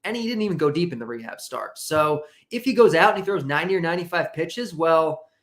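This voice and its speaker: A man's voice: fairly high pitch, expressive, fast talker. A man talking through a betting analysis casually, reasoning aloud with fillers like um and you know. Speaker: analyst guest.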